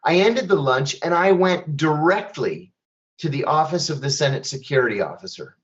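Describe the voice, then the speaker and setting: Measured man telling a story, dull audio. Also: fairly high pitch, expressive. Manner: measured, deliberate storytelling with wry asides. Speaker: speaker at a public event. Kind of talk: storytelling speech.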